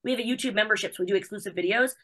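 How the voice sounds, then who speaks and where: A woman from the United States, a wrestling personality chatting as an interview guest, bubbly, excitable and chatty. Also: medium pitch, racing. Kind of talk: casual chat.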